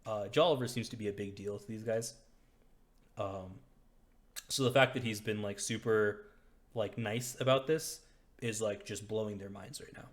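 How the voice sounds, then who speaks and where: A man's voice: fairly low pitch, normal speed. A man narrating as game master of a tabletop game in a laid-back, rambling way.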